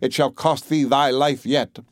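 A relentless little female sparrow from a storybook, voiced by a man reading aloud. She speaks in slow, solemn threats in a mid-pitched voice. The sound is dry and close. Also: fairly even intonation, no room sound, lightly acted. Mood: grim.

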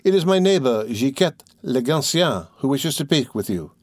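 A man's voice: mid-range voice, sing-song, moderate pace, no echo, studio quality. A man voicing a shy young woman who speaks in flustered bursts. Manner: flustered, timid.

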